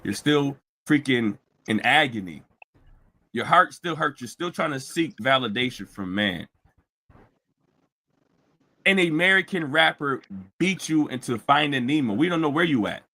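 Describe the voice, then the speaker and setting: A man hosting a live-streamed talk show, ranting heatedly and mockingly, repeating himself and often breaking into shouts. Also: medium pitch, lively intonation, unhurried, long pauses. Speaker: show host. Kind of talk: live-streamed commentary rant.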